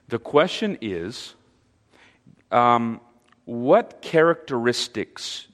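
A man leading an interactive Bible study, speaking haltingly with fillers and repeated words and putting questions to his audience. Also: medium pitch, fairly bright tone. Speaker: Bible teacher. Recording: long reverb of a large hall.

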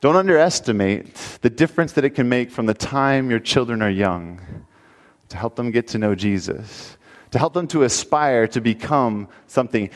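A pastor giving a sermon, telling a story with animation and rising into emphatic calls to the congregation. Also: male voice, mid-range voice, lively intonation, moderate pace, big-room sound.

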